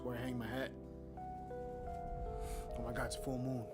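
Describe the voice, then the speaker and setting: A young man streaming a video game, talking casually in a brash, profane, jokey way that swings between muttering and loud outbursts. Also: mid-range voice, completely flat delivery, moderate pace, loud music behind the voice. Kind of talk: casual live-stream commentary.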